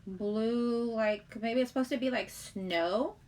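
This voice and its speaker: A middle-aged woman chats on a livestream in a fairly high voice. She rambles, giggles and greets viewers in the chat as she talks. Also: slow pace, a little mellow. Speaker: livestream host.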